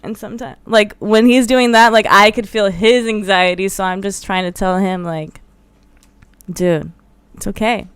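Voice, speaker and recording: Laid-back young woman, very clear voice. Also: mid-range voice, dry recording. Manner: laid-back, laughs often, calm advice-giving. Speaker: podcast co-host. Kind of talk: casual chat.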